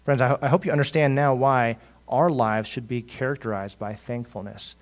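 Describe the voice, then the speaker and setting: A male pastor preaching a sermon, rising to loud emphatic peaks and dropping to soft, low asides, often repeating words as he goes. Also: fairly even intonation, normal speed.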